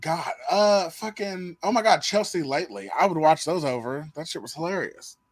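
A man hosts a loose, profane podcast chat and reacts to old talk show clips. His voice sits a little high. The sound is dry and close, with no room around it. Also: expressive, moderate pace, no echo. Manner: loose, profane, laughing commentary. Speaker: podcast host. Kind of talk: casual chat.

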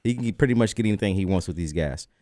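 Very deep fast-talking man on sports radio. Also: expressive, dark tone, no room sound, studio quality. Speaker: radio sports show co-host. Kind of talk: casual sports talk radio banter.

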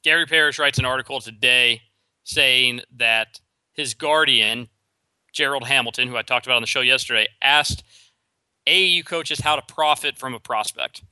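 A man hosting a sports talk show alone, giving opinionated commentary with quick restarts. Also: medium pitch, bright, forceful tone, clear, resonant tone, dry recording. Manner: opinionated, rapid with frequent restarts.

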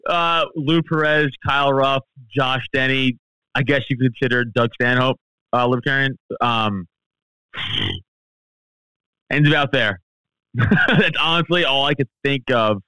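A man's voice: mid-range voice, fairly even intonation, unhurried, pauses often, sharp tone, smooth, dry recording, low-quality recording. A male comedian as a podcast guest, ranting heatedly and swearing a lot. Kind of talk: podcast interview.

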